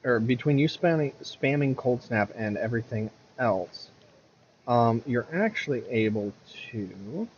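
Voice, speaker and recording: A man talks through his gameplay in a loose, rambling way, stopping to fix his words and grumbling at the game now and then. He has the hiccups, and his voice sits at an average pitch. The audio is a little dull, with faint game sounds underneath. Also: animated, measured pace, a little hiss or hum. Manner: rambling, self-correcting, mutters at the game. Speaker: gameplay commentator. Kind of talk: casual gameplay commentary.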